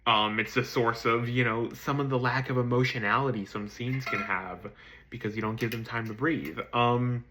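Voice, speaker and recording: A man giving a casual spoken film review, hesitant with many ums and restarts, swearing casually and jumping into excited emphasis. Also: moderate pace, background noise. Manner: jumps to excited high-pitched emphasis.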